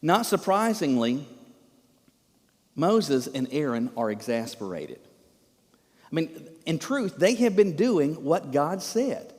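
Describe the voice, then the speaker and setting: A man's voice: on the high side, sing-song, takes it slowly, pauses often, a little mellow, long reverb tail. A man preaching a sermon as pastor, in an emphatic way, full of rhetorical questions.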